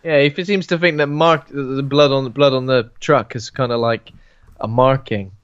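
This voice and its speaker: A man's voice: mid-range voice, fairly even intonation, moderate pace, clear, resonant tone, no echo. A man co-hosting a podcast, chatting casually and telling playful, teasing jokes. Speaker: podcast co-host. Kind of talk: casual film chat. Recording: dry, dull lo-fi sound.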